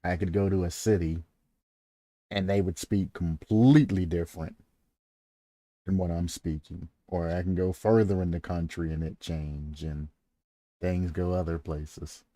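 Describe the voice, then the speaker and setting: A man's voice: low-pitched, fairly even intonation, a little slow, dark tone, dry recording. A young American man with a rural accent, chatting casually as a streamer, rambling and laughing often. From United States. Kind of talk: casual chat.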